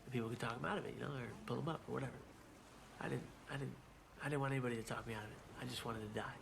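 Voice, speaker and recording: A man telling a personal story in a documentary interview, halting and repeating his words as he goes. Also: medium pitch, fairly even intonation, gravelly, noisy background. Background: music.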